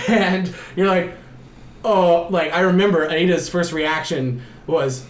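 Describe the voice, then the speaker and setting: A man co-hosting a podcast, recapping a horror film in a casual, animated way, acting out the characters with gasps and shouts and swearing often. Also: a little high, takes it slowly, echoey room. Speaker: podcast co-host.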